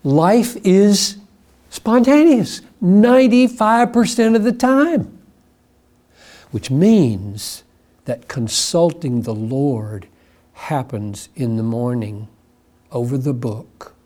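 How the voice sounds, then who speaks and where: A man speaking as a pastor in a measured, unhurried way, with a dark, mellow tone. He is earnest and emphatic, and his voice leaps upward whenever he drives a point home. His answer sounds reflective rather than preached. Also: fairly high pitch, expressive. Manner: earnest, emphatic, voice rising sharply on key points. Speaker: pastor answering a listener question.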